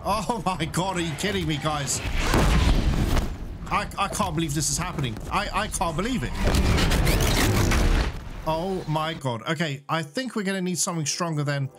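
A man casually commenting on his gameplay for his viewers, excitable and quick to swear at enemies. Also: a little high, heavy background noise. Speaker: gaming channel host. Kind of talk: casual let's-play commentary. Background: loud game music.

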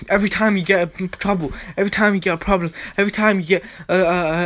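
A man talks into his phone at home in a loose, rambling vlog, circling back to the same lines again and again. His voice sits a little high for a man, and his delivery turns preachy and ranting as he repeats himself. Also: steady tone, quick pace, hardly any pauses, a bit bright. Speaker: vlogger. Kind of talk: rambling casual monologue.

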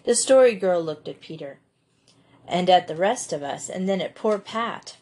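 A woman narrates a classic children's novel in a gentle, storytelling manner. Her voice sits fairly low and has a husky, slightly breathy edge. She raises her pitch a little when voicing the children's dialogue. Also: expressive, measured pace. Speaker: audiobook reader.

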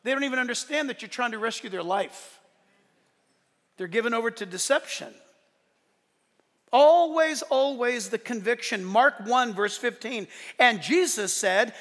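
High-pitched, bright-voiced preaching man. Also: normal speed. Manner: emphatic, animated preaching with asides and jokes. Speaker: pastor. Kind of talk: sermon. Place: church sanctuary during a service. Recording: long reverb of a large hall.

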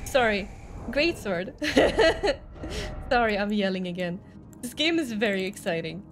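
A woman streams a game live, giving excitable commentary that jumps between nervous chatter and yelps when she's startled. Her voice is medium-pitched and a little slow.

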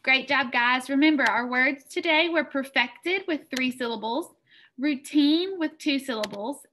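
Woman, phonics teacher for young children, bright crisp tone, clear and encouraging. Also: sits high, a little hiss or hum. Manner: encouraging, clear, slow word-by-word.

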